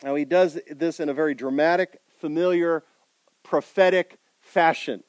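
A man preaching a sermon, putting rhetorical questions to his congregation and swinging between loud emphasis and quiet intensity. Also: on the high side, normal speed, no echo. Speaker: pastor.

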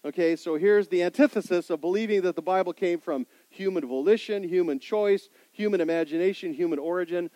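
A man's voice: sits high, brisk, hardly any pauses, warm tone, dry recording. A man preaching a sermon as pastor, emphatic, repeating key points and asking his listeners questions.

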